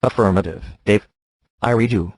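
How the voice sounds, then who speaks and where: A text-to-speech male voice reading the lines of a calm, polite ship computer in an even, unhurried way. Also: on the low side, dry recording, close to an everyday voice.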